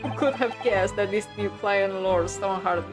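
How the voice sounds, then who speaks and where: A woman's voice: medium pitch, normal speed, natural voice. A woman voicing a paranoid, theatrical young male student poet who speaks in melodramatic, alliterative outbursts, over game music.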